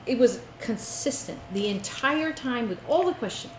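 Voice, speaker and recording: A woman co-hosting a casual craft chat show, telling an animated story. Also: fairly high pitch, moderate pace, hardly any pauses. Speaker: co-host. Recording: echoey room with faint noise.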